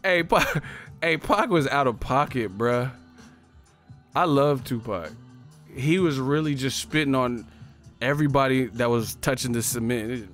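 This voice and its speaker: A man on a profane, animated comedic rant, laughing often as he talks. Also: mid-range voice, measured pace, faint music behind.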